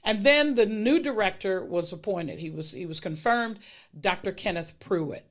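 A woman's voice: medium pitch, moderate pace. Emphatic middle-aged woman telling stories. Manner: emphatic, lively retelling with acted-out dialogue. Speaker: speaker recounting her career mentors. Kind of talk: personal storytelling talk.

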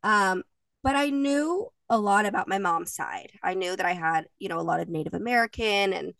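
A woman's voice: medium pitch, moderate pace, creaky, a bit bright, no room sound, far from the mic. A young adult woman co-hosting a podcast in casual chat, laughing often and swearing offhandedly. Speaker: podcast co-host.

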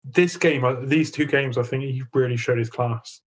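A man's voice: mid-range voice, steady tone, normal speed, husky. A young adult man co-hosting a podcast, chatting casually with dry, sweary wisecracks. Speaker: podcast co-host. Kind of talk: casual chat.

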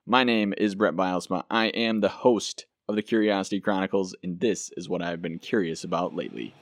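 A man talking through a solo history podcast in a chatty, enthusiastic way, poking fun at himself now and then. His voice is low and the sound is dry, with no room echo. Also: fairly quick. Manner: chatty and enthusiastic, self-deprecating. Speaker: podcast host.

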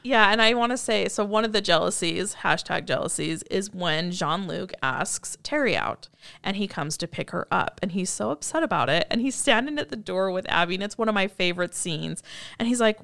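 Animated woman retelling film scenes. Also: medium pitch, brisk, vocal fry. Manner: animated storytelling, acts out characters' lines. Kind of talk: casual chat recapping a film.

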